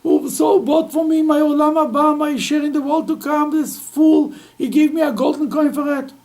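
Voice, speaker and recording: A man voicing a mocking businessman at an inn who jeers loudly at a newcomer. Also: extremely high pitch, steady tone, normal speed, pitched above the performer's own voice. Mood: gloating. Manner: scornful, jeering.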